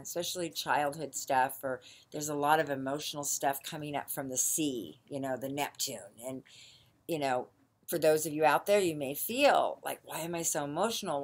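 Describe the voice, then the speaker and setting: Rambling woman astrologer, slightly low voice. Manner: rambling, many fillers like "you know" and "um". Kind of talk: casual astrology talk to viewers. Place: barn.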